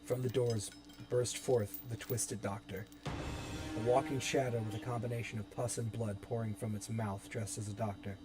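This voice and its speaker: A man's voice: fairly low pitch, steady tone, normal speed, darkish tone. A young man narrating scene directions evenly in a dramatic reading of his own horror script. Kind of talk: dramatic script table-read. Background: background music.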